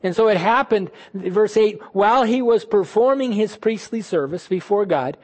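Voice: medium pitch, darkish tone. A pastor preaching a sermon in a conversational way, retelling a scripture story, acting out people's thoughts and asking the listeners questions. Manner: conversational, asks the audience questions.

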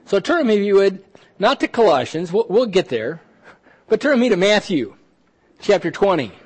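A man preaching a sermon as pastor, animated, often repeating words and dropping to a soft, intense hush. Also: sits high, normal speed, husky.

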